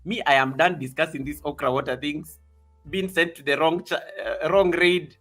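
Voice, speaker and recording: A man with a bright, forceful voice pitched a little high hosts a casual live stream and chats excitably with his viewers. Soft music plays faintly behind him. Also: moderate pace. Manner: excitable, reading viewer comments aloud.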